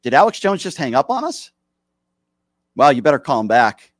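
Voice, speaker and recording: Lively, teasing male show host. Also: mid-range voice, moderate pace, a little hiss or hum. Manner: mock-innocent, teasing questions. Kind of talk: comedy call-in sketch.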